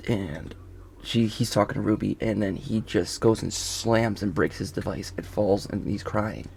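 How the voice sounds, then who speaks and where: Picture a man talking a show recap outdoors with faint ambience behind him. His voice sits low and gravelly, and he rambles, backtracks and corrects names mid-sentence. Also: measured pace, darkish tone, a little hiss or hum. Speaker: video reviewer. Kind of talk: casual spoken review. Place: outdoors on a golf course.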